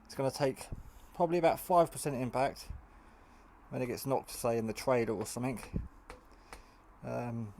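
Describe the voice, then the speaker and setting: Casting: weary hobbyist man, mid-pitched, chatty and meandering, home workshop camera mic with faint hiss and clicks. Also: moderate pace, vocal fry, a little mellow. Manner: rambling, chatty, many fillers and restarts. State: tired, half asleep. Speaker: hobbyist maker. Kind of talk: casual build vlog. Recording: faint background noise and clicks.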